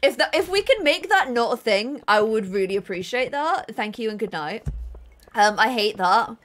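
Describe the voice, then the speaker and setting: A young woman chatting casually and excitedly while playing a co-op farming game with friends. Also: on the high side, normal speed. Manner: bubbly, excitable, giggly. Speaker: gaming streamer. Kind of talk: casual co-op gameplay chat.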